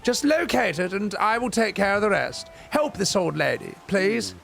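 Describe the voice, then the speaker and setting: A man's voice: high voice, lively intonation, moderate pace, gravelly, a bit bright, faint music behind, pitched above the performer's own voice, heavily acted. A man voicing a desperate, rude old English woman with an English accent, haughty and insulting. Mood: pleading.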